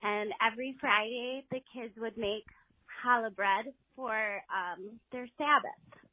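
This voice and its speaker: Woman caller leaving a voicemail, kinda high voice, tinny phone line. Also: unhurried, no room sound. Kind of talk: voicemail story.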